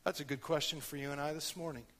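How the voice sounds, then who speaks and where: A man preaching a sermon in church, swinging from quiet talk to loud shouting. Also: a little high, fairly even intonation, quick pace, big-room sound. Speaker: pastor.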